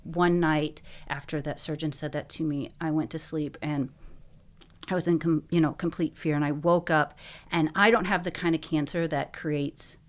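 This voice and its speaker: A woman with a low voice for her sex speaks as a podcast guest, telling her own story. She sounds earnest and emotional, and she fills her speech with a lot of likes and you-knows. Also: steady tone, normal speed. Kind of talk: personal storytelling in a podcast interview.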